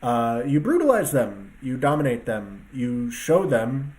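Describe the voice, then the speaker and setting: A man's voice: mid-range voice, very animated, measured pace, darkish tone. A man ranting to his viewers in a casual solo talk as an online commentator, emphatic, profane and rambling, speaking from his computer desk. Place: at a computer with two screens.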